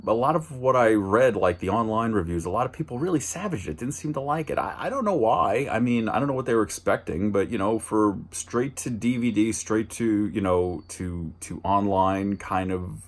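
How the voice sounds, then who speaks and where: Chatty man with a lowish voice. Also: normal speed, hardly any pauses. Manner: rambling and chatty, with frequent restarts and dry asides; jumps higher and louder when mimicking lines. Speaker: movie review host. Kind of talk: casual spoken movie review.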